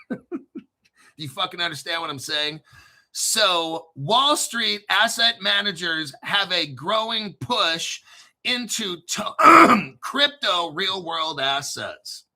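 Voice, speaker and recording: Hyped, high-voiced, profane crypto host. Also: male voice, animated, takes it slowly, sharp tone. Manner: profane, joking, hyped, often clears throat. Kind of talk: excitable commentary reading crypto news.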